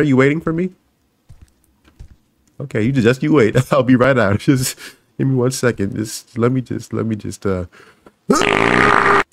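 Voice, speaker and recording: Jittery young man, very lively pitch. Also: vocal fry, no echo. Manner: panicky, repeats phrases over and over, swears and jokes. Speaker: gaming YouTuber. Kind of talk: horror game let's-play commentary.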